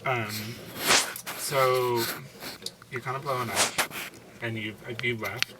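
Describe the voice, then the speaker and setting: A young man hosting a college radio interview, laid-back and quick to laugh. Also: mid-range voice, fairly even intonation, heavy background noise. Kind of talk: casual interview.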